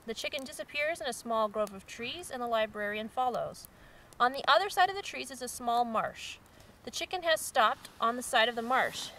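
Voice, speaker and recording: A woman's voice: on the high side, fairly bright tone, a little hiss or hum. A woman hosting her channel, casually reading out viewer-submitted jokes and giggling at them. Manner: giggly, breaks into laughter while reading. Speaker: channel host.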